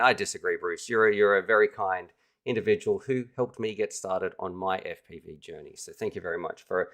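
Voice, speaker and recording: A deep-voiced man chats casually on a livestream. He sounds upbeat and keen, and he talks straight to his viewers like friends hanging out. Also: a little fast, a bit bright. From Australia. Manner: enthusiastic, chatty, addresses viewers directly. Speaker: livestream host.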